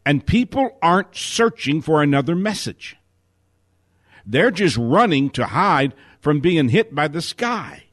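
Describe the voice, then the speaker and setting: Emphatic motivational man, lively pitch. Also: unhurried, dry recording, clean studio sound. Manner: emphatic, preacher-like delivery. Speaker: motivational speaker hosting a radio talk. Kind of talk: motivational talk.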